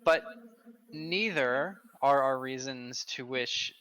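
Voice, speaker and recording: A man playing a crisp, courteous adventurer. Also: medium pitch, takes it slowly, pushed and bright, low-quality recording. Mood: earnest. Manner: formal and courteous. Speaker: player.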